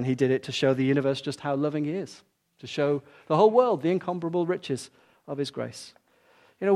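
A man's voice: medium pitch, darkish tone. An older man preaching a sermon in an earnest way, with repeated emphasis. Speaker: pastor.

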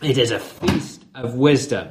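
A man's voice: medium pitch, expressive, measured pace, slight background noise. A man preaching a sermon, telling stories with frequent uh fillers.

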